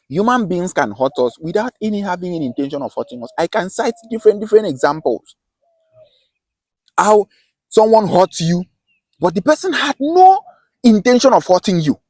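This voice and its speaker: A man's voice: high-pitched, very animated, moderate pace, pauses often, a little mellow, no room sound. A man with a Nigerian Akwa Ibom accent giving a passionate lesson, stressing points and often restarting his phrases. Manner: emphatic, repeats and restarts phrases. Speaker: self-styled teacher.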